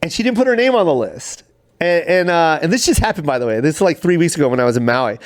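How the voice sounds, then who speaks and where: A man, a comedian, telling candid stories in an interview and acting out the voices of people in them. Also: fast talker. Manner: animated, acts out quotes in shifting pitch. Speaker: comedian, guest.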